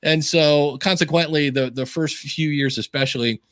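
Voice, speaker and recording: A man's voice: a little high, moderate pace, no room sound, clean studio sound. A middle-aged man from Ohio, a guest on a video-call interview, telling stories casually and acting out the voices of the people in them. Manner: animated storyteller acting out quoted voices. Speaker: podcasting guest.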